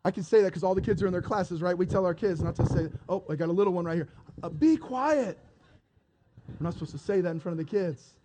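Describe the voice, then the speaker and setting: A man preaching a sermon, retelling a story with lively acted-out voices and frequent restarts. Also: high-pitched, rapid-fire, background noise. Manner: animated storytelling, acting out characters, repeated restarts. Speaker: pastor.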